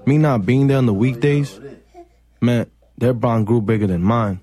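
A young man narrating his own story in a quiet, plain, reflective way. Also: medium pitch, moderate pace, breathy edge, dry recording. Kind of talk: scripted documentary narration.

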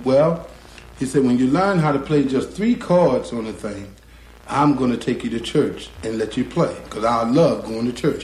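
A middle-aged man, a guitarist, telling a story slowly and drawling, acting out the voices of the people in it. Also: mid-range voice, a little mellow, slight background noise. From North Carolina. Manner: slow, drawling, acts out quoted voices. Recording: roomy echo, guitar behind.

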